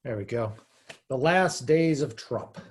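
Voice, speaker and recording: A man's voice: medium pitch, animated, a little slow. A man giving a talk on a video call, wry and casual with dry asides. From Arizona.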